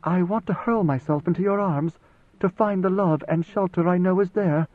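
A man voicing a young woman, a ruler's intended bride, speaking in a soft, measured, composed way. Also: high voice, no room sound, voice pushed up, close to an everyday voice. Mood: tender. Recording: dry, phone-like narrow sound.

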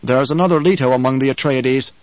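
A calm young war leader gives orders in a measured, authoritative voice at a mid pitch, as a male audiobook narrator reads him. The recording is dry and slightly dull. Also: no room sound, close to an everyday voice. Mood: commanding.

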